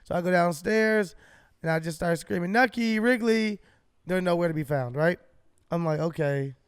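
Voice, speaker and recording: A man with a high, smooth voice, co-hosting a podcast and telling a long story. He is animated and swears freely, and the dry, close mic leaves no room sound. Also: moderate pace, no room sound. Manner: animated, swearing, acts out his own shouts. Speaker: podcast co-host. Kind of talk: casual storytelling.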